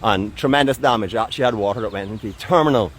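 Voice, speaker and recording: A man's voice: lowish voice, rapid-fire, a bit bright, slight background noise. Teasing Barbadian man on a walking tour. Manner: chatty, playfully teasing, boastful in jest. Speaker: vlog host and walking guide. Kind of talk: live walking tour narration. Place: outdoors by a seaside port in a town.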